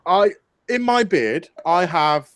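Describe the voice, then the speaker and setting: A man's voice: high voice, expressive, takes it slowly, no room sound. A man co-hosting a casual chat, joking crudely and wandering off on tangents. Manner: crude, jokey, goes off on tangents. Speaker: podcast co-host.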